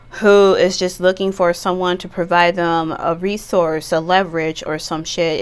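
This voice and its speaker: A woman's voice: fairly low pitch, clear, resonant tone. A woman giving a casual pick-a-card tarot reading, chatty and playful, with bawdy jokes and bursts of laughter. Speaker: tarot reader.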